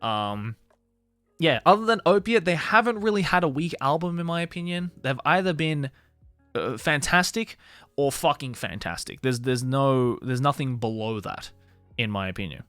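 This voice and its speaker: A man's voice: medium pitch, lively intonation, moderate pace, fairly bright tone, no room sound. A young man streaming casually, rambling about music with lots of fillers and casual swearing. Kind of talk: casual livestream chat.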